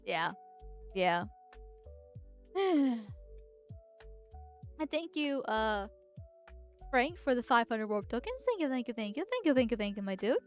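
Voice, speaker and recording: A woman's voice: a little high, very animated, a little slow, pauses often, soft background music. A woman hosting a casual political livestream, chatty and blunt, reacting to clips and thanking viewers. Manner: chatty, blunt, with sighs and laughs. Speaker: vtuber host.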